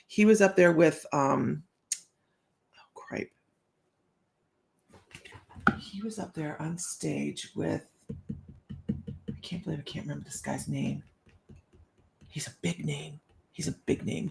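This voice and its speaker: A woman's voice: fairly low pitch, gravelly. A middle-aged woman hosting a psychic livestream, telling stories casually, laughing often and acting out the voices she quotes. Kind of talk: casual chatty livestream storytelling.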